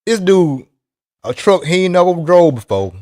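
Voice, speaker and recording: A man's voice: sits high, animated, moderate pace, darkish tone, no room sound, clean studio sound. A man talking loosely and teasingly in a casual chat about RC racing, with plenty of restarts. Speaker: RC racing vlogger.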